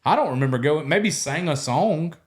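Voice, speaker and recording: Male podcast host, slightly high voice, animated casual storyteller. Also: normal speed. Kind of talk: casual chat.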